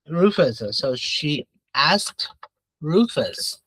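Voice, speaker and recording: A man teaching English grammar in a slow, unhurried way, switching between English and Mandarin and repeating key phrases. His pitch moves up and down a lot as he stresses words, and the sound is dry and close with no room echo. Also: very animated, fairly bright tone. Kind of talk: classroom grammar lesson.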